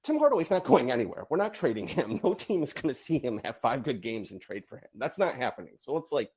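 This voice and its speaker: A man calling in to a podcast, giving quick wry opinions in casual chat. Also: medium pitch, sing-song, darkish tone, slightly rough. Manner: wry, quick opinions, laughs at his own jokes. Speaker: caller.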